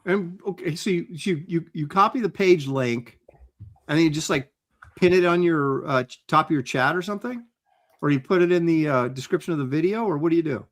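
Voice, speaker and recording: A man chatting casually on a livestream about the comics business. His voice sits a little high, and he hesitates often, searching for words. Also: a little fast. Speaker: comic book artist.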